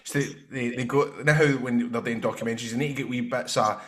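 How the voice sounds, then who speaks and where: A man's voice: mid-range voice, steady tone, quick pace, a bit bright. A man with a Glaswegian accent telling rude, funny stories on a podcast, laughing and swearing. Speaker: podcast co-host. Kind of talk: casual chat.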